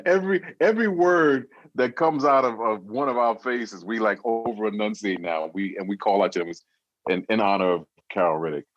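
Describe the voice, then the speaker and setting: A man's voice: on the low side, moderate pace, dry recording, muffled recording. A man who is a guest in a casual interview, joking, telling stories, imitating voices and laughing often. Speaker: guest singer.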